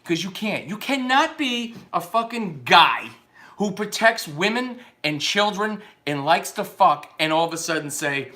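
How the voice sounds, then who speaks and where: A man's voice: sits high, lively intonation, a little slow, bright, forceful tone, heavily acted. A man putting on a weary old politician who halts and dismisses objections. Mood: dismissive. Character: weary old male politician making excuses.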